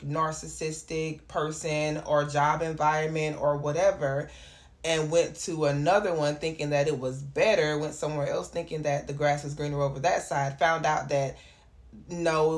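A woman doing a casual tarot reading, chatty and prone to excited exclamations. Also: low-pitched. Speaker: tarot reader. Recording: echoey room with clear background noise.

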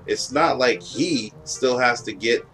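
A man's voice: medium pitch, slow pace, a bit bright, poor audio. A man reading aloud the lines of a sulky, proud young bird-folk prince from a video game, over game music. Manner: petulant, proud, defensive. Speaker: game dialogue reader.

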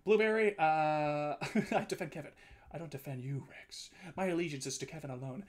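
A man's voice: on the high side, fairly quick. A man streaming, chatting casually with his viewers and reading chat aloud. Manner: chatty, reads chat aloud, animated swings.

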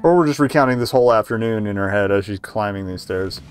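A man's voice: fairly low pitch, fast talker, music in the background. A man streaming a story game, chatting casually with profane, rambling asides. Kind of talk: casual gaming commentary.

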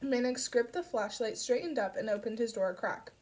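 A woman reading an audiobook aloud, narrating a dark story with soft shifts for the characters. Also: on the high side, animated, a little fast. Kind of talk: scripted narration.

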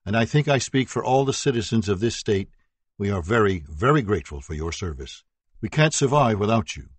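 A formal, measured judge speaks from the bench, as a man reads his words. His voice is low and a little husky, recorded dry and close. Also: expressive, no echo. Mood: grateful. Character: formal male judge addressing court.

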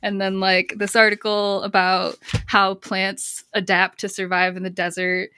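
A woman guest on a podcast, a counselor and author, talking reflectively with many "like" fillers and bursts of excited emphasis. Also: mid-range voice, measured pace, a little hiss or hum. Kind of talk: casual podcast conversation.

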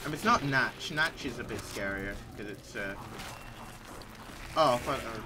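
A man's voice: medium pitch, lively intonation, unhurried, background noise. A teenage male gaming host commenting nervously while he plays, panicky and jittery, with frequent nervous laughter. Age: teens.

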